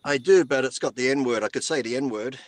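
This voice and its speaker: A man on a live-streamed talk show who tells crude jokes in a drawn-out storytelling way. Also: mid-range voice, no room sound. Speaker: co-host telling jokes. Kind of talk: casual joke-telling banter.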